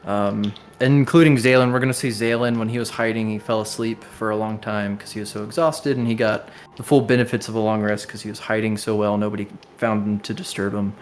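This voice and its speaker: A young man running a tabletop game over a voice call, explaining rules in a relaxed, rambling way with many fillers. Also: on the low side, brisk, few pauses, faint music behind. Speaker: game master. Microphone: online voice call.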